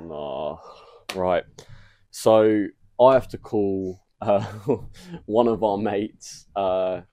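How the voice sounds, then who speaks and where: A man's voice: on the low side, very slow, dark tone, no room sound. A young man co-hosting a casual chat podcast. He laughs often and jokes nervously. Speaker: podcast co-host.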